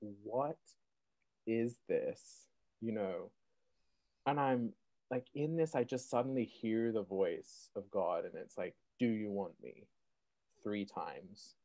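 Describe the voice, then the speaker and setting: A young man telling his own faith story as an interview guest, animated and full of "like" fillers. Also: lowish voice, takes it slowly, no room sound. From Sydney, Australia. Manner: animated, many "like" fillers, laughs often. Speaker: guest, Christian apologist. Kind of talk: personal testimony storytelling.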